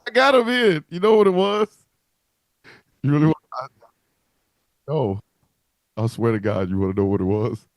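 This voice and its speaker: Co-hosting a wrestling talk livestream over a video call, this man jokes and curses through casual banter in an animated, profane way. His voice is mid-range at normal speed, with long pauses, captured in a dry recording.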